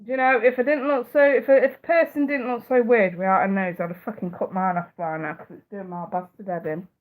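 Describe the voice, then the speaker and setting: A woman's voice: mid-range voice, steady tone, quick pace. A woman with a blocked, stuffy nose, hosting a casual livestream as a psychic reader, chatty, swearing freely and laughing often. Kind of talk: casual livestream chat answering viewers.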